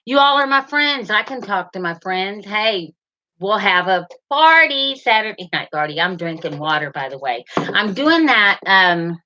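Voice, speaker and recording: A middle-aged woman hosts a casual live chat, rambling between viewers' comments. Her voice is bright and her pace is unhurried. The sound is a little dull and lo-fi. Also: medium pitch, big pitch swings. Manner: chatty, rambling, addresses viewers by name. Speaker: livestream host.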